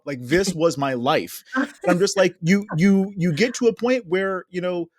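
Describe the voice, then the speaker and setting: A man's voice: high voice, normal speed, dry recording, studio quality. Wry, exasperated man on a podcast. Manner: wry, exasperated, swears casually. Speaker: podcast co-host. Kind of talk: casual reality-TV recap chat.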